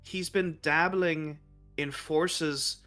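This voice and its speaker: A man voicing a remorseful old female castle cook who speaks in halting, apologetic bits. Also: on the high side, steady tone, sharp tone, soft background music, exaggerated voice. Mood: dazed, apologetic.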